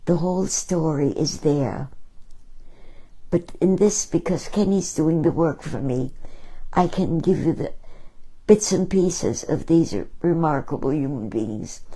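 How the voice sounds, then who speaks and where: A woman's voice: low voice, mellow, slightly rough, rough recording. A woman painter talking casually about her paintings, telling stories with emphasis. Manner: slow, storytelling, emphatic.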